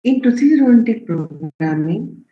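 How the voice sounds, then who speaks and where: A programming instructor teaching a live online class, firing questions at students and reading their answers aloud. The voice sits at an ordinary middle pitch and keeps checking in with the class. The stream sounds roomy and muffled, with dull lo-fi audio. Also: expressive, measured pace. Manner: frequent check-ins like "okay?" and "right?".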